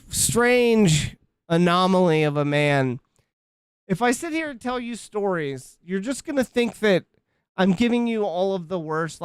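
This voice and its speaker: A man's voice: high-pitched, clear, resonant tone, no room sound. Rambling, foul-mouthed man streaming from home. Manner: rambling, profane, self-interrupting. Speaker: livestreamer. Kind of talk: casual stream chat.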